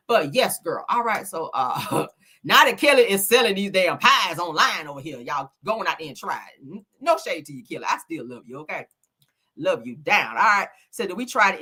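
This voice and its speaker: A woman hosting a casual gossip livestream, loud and profane, laughing often as she reads viewer comments aloud and reacts to them. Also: deep voice, breathy edge. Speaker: livestream gossip host reading chat. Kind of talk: casual chat.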